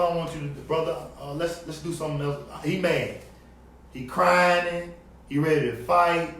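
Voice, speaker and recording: A man preaching on the street, fiery and emphatic, swinging between loud and low. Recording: echoey, distant outdoor recording with faint background noise.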